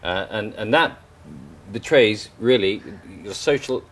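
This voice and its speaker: A man presenting morning news and leading a studio discussion, animated and conversational. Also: on the low side, a little slow.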